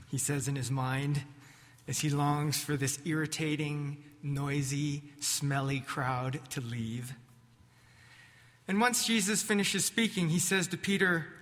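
A man preaching, retelling a scripture story vividly as he guides listeners through a reflection. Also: fairly high pitch. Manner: vivid, animated narration with slow pauses. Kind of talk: dramatic sermon storytelling. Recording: echoey hall reverb.

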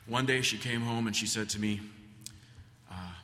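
A man preaching as a guest speaks at a moderate pace in a lowish, pushed, bright voice. He wanders through folksy family tales with lots of ums and restarts, and the sanctuary gives the recording a long reverb.

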